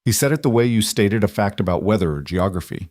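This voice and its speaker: A man giving steady, unhurried scripted narration of a romance story. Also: fairly low pitch, no room sound, clean studio sound.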